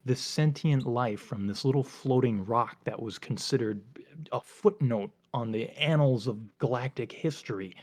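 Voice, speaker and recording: A male podcast co-host casually retelling a story in animated chat, with frequent filler words. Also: mid-range voice.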